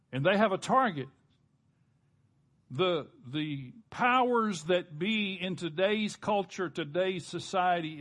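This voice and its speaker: A man preaching a sermon, earnestly, slowing down and dropping low for emphasis and calling on the congregation to respond. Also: a bit bright. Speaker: pastor.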